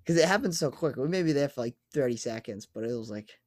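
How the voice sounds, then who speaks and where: Excited young man telling a story. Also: mid-range voice, fast. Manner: excited storytelling, swears casually. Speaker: podcast co-host. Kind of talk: casual chat.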